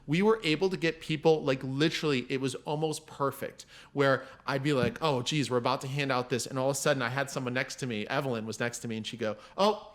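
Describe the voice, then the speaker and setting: A man's voice: quick pace, few pauses. A man guesting on a podcast, telling a story in casual chat and acting out the people he quotes. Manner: animated, acts out quoted people with raised pitch. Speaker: podcast guest, mindset coach.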